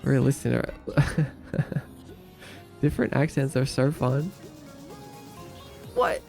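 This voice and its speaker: A man's voice: mid-range voice, slow, vocal fry, darkish tone, soft background music. A man streaming live, answering his chat in a casual, joking way.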